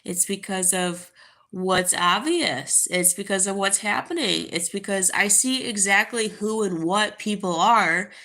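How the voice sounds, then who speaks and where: A young woman with a bright, sharp voice speaks slowly and haltingly, stopping and restarting often. She sounds caught up in her grief as she talks to camera in a casual monologue. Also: medium pitch. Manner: halting, grieving, full of fillers and restarts. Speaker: vlogger.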